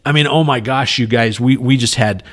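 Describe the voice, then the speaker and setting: Storytelling podcast host, casual and animated. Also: male voice, mid-range voice, brisk. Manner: animated, retells scenes in quoted dialogue, many "you know" fillers.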